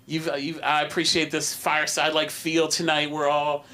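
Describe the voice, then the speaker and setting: A man wraps up his open mic set on a club stage, talking softly and haltingly with plenty of pauses. His voice sits a little high for a man. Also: completely flat delivery. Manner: halting, soft, many fillers. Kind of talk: stand-up closing remarks.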